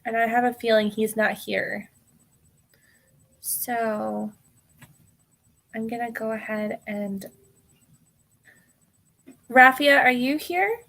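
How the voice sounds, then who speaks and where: A woman's voice: fairly high pitch, takes it slowly, creaky, long pauses. American woman chatting with live viewers. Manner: warm, apologetic, giggly, calls viewers hon. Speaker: tarot reader hosting a live stream. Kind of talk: casual live-stream chat with viewers.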